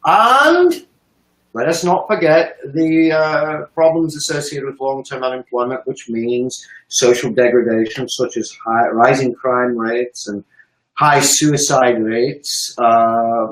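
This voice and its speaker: A man's voice: medium pitch, little pitch movement, unhurried, roomy sound, rough recording. A man in a profane, emphatic ranting monologue, swearing heavily to make his point. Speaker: commentator.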